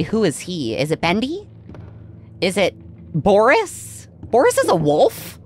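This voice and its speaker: Her mid-range voice swoops wildly in pitch and moves slowly, with a little hiss or hum in the recording. She hosts a gaming channel and chats through a horror game let's play, talking to the characters and getting easily startled.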